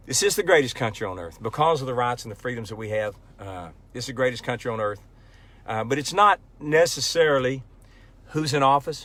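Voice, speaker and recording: Here a country singer livestreams by phone from his pickup on a ranch, rambling casually and cracking jokes in a folksy manner. He has a voice on the high side with a bit of brightness.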